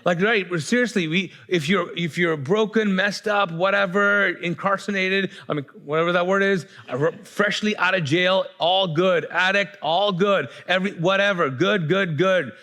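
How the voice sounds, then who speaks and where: Male pastor, fairly high voice, loose and conversational sermon delivery with mounting fervor. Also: moderate pace, few pauses, sharp tone. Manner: conversational, with frequent restarts and rising fervor.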